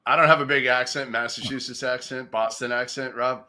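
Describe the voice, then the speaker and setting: A man's voice: mid-range voice, steady tone, a little fast, crowd noise. A man interviewing a coach in a casual sports chat, joking and bantering before asking long, easygoing questions.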